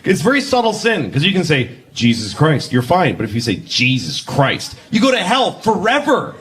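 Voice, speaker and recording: A man performing a stand-up comedy set, telling stories deadpan and jumping into shouted voices. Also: high-pitched, fast talker. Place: comedy club stage with audience.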